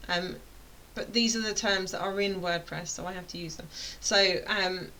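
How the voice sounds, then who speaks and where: A woman's voice: medium pitch, steady tone, moderate pace, pushed and bright, poor audio. A British woman teaching an online course, talking casually in a rambling, playful way that keeps interrupting itself. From United Kingdom. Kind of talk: casual chatty explainer.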